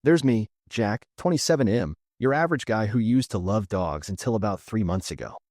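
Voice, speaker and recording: A man's voice: fairly low pitch, animated, fairly quick, a little mellow, dry recording, studio quality. A man narrating a reddit story in a sarcastic, wry tone as a scripted voice-over.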